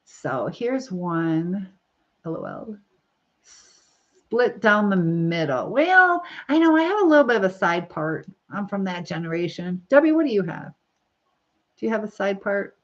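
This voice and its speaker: A middle-aged woman hosts a relaxed live stream, fixing her hair and reading viewer comments as she chats, rambles, and laughs frequently. Her medium-pitched voice is very animated yet unhurried, and the lo-fi sound is slightly dull.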